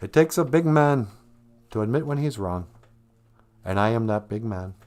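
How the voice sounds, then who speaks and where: A man's voice: mid-range voice, lively intonation, normal speed, a little mellow. A man hosting a live stream, chatting casually in a joking, rambling way and reading out viewer comments. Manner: joking, rambling, reads chat comments aloud.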